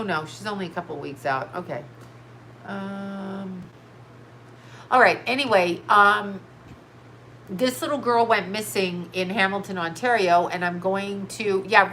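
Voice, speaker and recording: A woman's voice: mid-range voice, sharp tone, a little hiss or hum. A woman hosting a casual psychic livestream, chatting in a scattered, blunt way and reading viewer comments aloud, her nose stuffed up. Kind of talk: casual rambling livestream chat.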